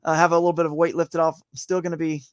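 A man's voice: fairly high pitch, monotone, very fast, dry recording. A man chatting as a guest on a live interview show, rambling and upbeat, saying "man" and "dude" a lot. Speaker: guest, tournament kayak angler.

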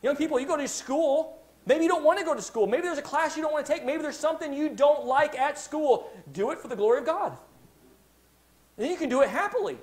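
High-voiced animated male preacher. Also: brisk. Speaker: pastor. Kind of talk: sermon. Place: church.

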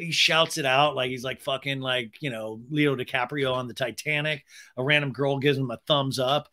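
A man's voice: medium pitch, steady tone, moderate pace, bright, forceful tone. A man hosting a podcast, recapping a reality show in casual, sarcastic commentary and mimicking the people he quotes. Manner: chatty, sarcastic, acts out quotes in mocking voices. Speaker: podcast host.

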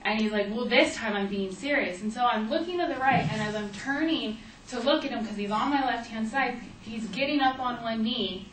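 A woman's voice: a little high, fairly quick, few pauses, a little hiss or hum. Young woman telling a story in an echoey room. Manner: chatty, conversational, with frequent fillers. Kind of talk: live storytelling. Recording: echoey room, distant mic, faint ambience.

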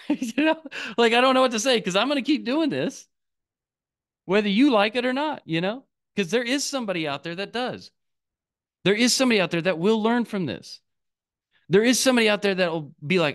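A man's voice: high voice, expressive, normal speed, a bit bright. A man giving a candid, casual motivational talk as an online business coach, cursing freely and acting out his past self.

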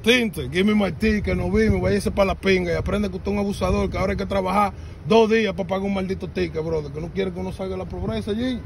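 A high, gravelly man fires off his words fast, profane and combative, switching between Spanish and English. He is recorded on a phone inside a car, with clear noise around him. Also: steady tone. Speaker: car passenger filming a traffic stop. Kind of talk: heated argument. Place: inside a parked car at night.

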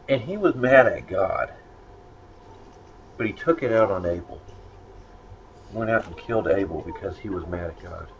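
A man giving a casual Bible lesson, rambling and conversational with many fillers. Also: low voice. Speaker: Bible study teacher. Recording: dull lo-fi recording with faint noise.

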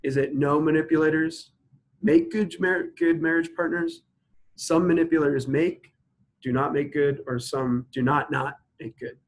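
A man teaching a logic lesson, working through examples one at a time and slowing down to spell each one out. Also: on the high side, fairly even intonation, low-quality recording. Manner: explains step by step, asks students to pause and think; slows to spell out examples word by word. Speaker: instructor. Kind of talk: recorded logic lecture.

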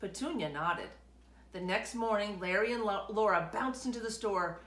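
A woman hosting a children's storytime, reading a picture book aloud in an expressive way. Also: mid-range voice, normal speed. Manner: animated, expressive. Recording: roomy echo.

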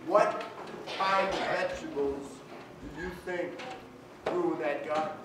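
Lively storyteller man in an echoey hall. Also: a little high, very noisy. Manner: lively, drawn-out suspense, coaxing answers. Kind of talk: interactive storytelling for children. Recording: echoey school hall from far off. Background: children's audience.

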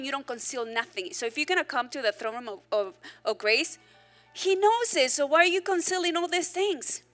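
A woman pastor preaching a sermon in an animated, conversational way, with joking asides to the congregation. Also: high-pitched, normal speed, soft background music.

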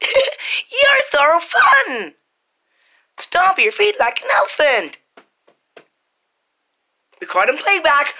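A woman voicing a cheerful childlike toy tiger, with slow, bubbly, sing-song phrases for small children. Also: sits high, pushed and bright, heavily acted.

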